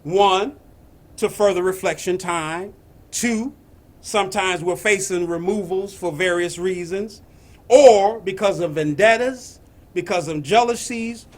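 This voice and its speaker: A man giving a spiritual message, slow and emphatic, repeating his phrases. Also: high-pitched. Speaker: spiritual teacher.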